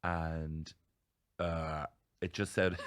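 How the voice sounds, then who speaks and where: An Irish man with a very low voice chats on a podcast. He tells stories with animated bursts of energy. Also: extremely slow, clean tone. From Ireland. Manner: animated storytelling with laughs. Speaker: comedian guest. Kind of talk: casual podcast chat.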